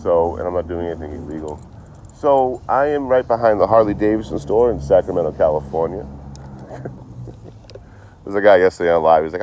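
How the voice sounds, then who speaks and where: A very low-voiced man from around Boston rambles through a casual, swear-filled livestream. His tone is dark and mellow, recorded on a phone outdoors with faint vehicles passing. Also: expressive, normal speed, pauses often, slight background noise. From Boston area, US. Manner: rambling, profane, laid-back. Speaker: traveling livestreamer. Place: outdoors behind a store.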